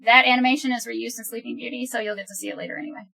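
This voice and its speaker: A woman co-hosting a podcast, chatting casually and animatedly about old animated films, dropping quick character impressions. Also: a little high, vocal fry, slightly rough. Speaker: podcast co-host. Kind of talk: casual film discussion chat.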